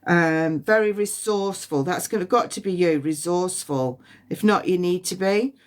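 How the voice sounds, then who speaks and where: A woman giving a past-life psychic reading on a phone livestream, halting and repeating words as impressions come to her. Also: fairly low pitch. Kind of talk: livestream reading and guided release.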